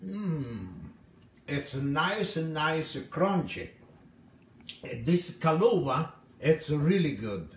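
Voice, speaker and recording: A man's voice: fairly high pitch, big pitch swings, drawn-out words, roomy sound, a little hiss or hum. A man from Italy with an Italian accent, chatting cheerfully in broken English while he makes a drink on a live cooking stream. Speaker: home cook host.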